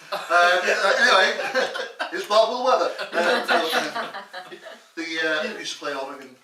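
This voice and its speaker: A man's voice: high voice, animated, a little slow, crowd noise. A man co-hosting a casual comedy sports chat, joking and teasing the others. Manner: jokey, teasing, breaks into laughter. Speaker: co-host. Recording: echoey room, far from the mic, background noise.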